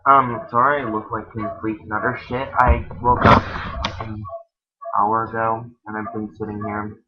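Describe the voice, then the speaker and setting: A man's voice: lowish voice, flat delivery, unhurried. A teenage man chatting casually in a vlog, rambling and giggling as he goes. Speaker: vlogger. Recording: dull lo-fi webcam audio.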